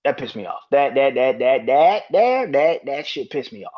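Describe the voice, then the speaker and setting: A man's voice: mid-range voice, sing-song, normal speed, dull audio. Profane, heated sports podcast man. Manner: profane, heated, repeats himself when worked up. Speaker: podcast host. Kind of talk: casual sports rant.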